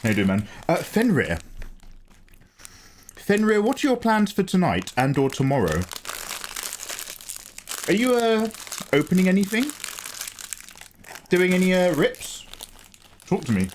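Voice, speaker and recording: A man's voice: sits high, wildly swooping pitch, measured pace, long pauses, slight background noise. A man hosting a casual livestream, greeting viewers by name in a chatty way and laughing often. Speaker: art livestream host.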